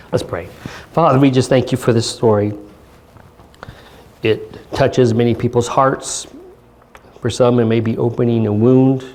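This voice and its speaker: A man pastor giving a church sermon, speaking earnestly with pauses and reading scripture aloud. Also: medium pitch, a little mellow, slight background noise. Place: church service.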